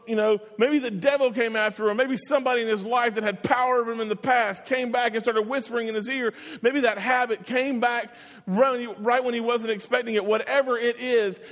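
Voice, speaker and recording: A man preaching a sermon, telling the story in an animated way and acting out the voices. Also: extremely high pitch. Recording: long hall reverb.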